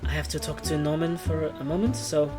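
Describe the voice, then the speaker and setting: A proper, guarded librarian woman speaks in a polite, formal tone with a curt edge, as a man puts her on for a tabletop game. The voice sits a little high. Guitar music plays clearly behind her. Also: steady tone, fairly quick, lightly acted.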